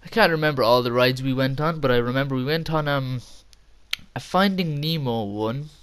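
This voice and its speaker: A man's voice: medium pitch, normal speed, fairly bright tone, smooth. A young man telling a casual, rambling story with frequent laughter and casual swearing. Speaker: vlogger.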